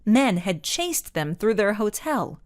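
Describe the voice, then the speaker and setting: A woman narrating a children's mystery audiobook, reading in a measured, expressive way. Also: medium pitch. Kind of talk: scripted storybook narration.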